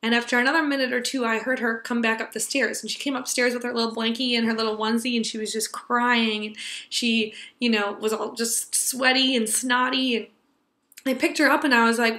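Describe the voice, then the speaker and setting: A young woman telling an earnest personal story to a class, tender and sometimes dropping to a hush. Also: a little high, flat delivery, fairly quick, reverberant. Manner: earnest, tender, drops to a hush for quiet moments.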